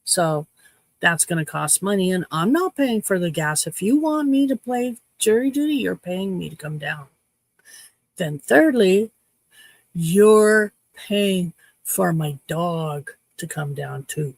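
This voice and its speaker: Cheeky gravelly-voiced woman in her fifties. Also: fairly low pitch, expressive, takes it slowly, dry recording. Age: 50s. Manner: cheeky, playful, chatty. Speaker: livestream host. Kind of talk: casual chat with viewers.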